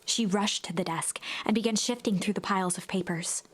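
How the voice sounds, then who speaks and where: A woman narrating a story-driven game in a measured, gentle storytelling voice. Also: mid-range voice, slightly rough, close to an everyday voice.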